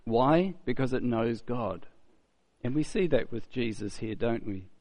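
A man's voice: medium pitch, animated, unhurried, a little mellow. A man preaching a sermon in a conversational, storytelling way, often asking rhetorical questions and repeating key phrases.

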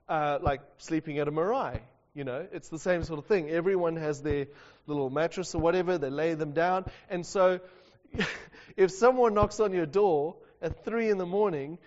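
A man preaching a sermon and telling a story, animated and often laughing. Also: sits high. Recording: dull sound with long hall reverb.

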